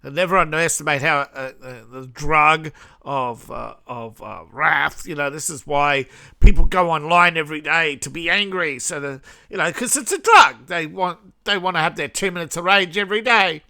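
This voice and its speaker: A man's voice: on the high side, moderate pace, gravelly, sharp tone. An Australian man hosting a casual news commentary vlog, rambling and sarcastic, chuckling at his own jokes. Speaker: host.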